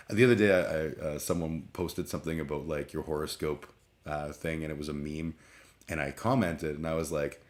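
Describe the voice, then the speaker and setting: A man's voice: very deep voice, fairly even intonation, a little fast. A man hosting a casual livestream, rambling and joking with plenty of swearing. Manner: rambling, profane, jokey. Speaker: livestream host.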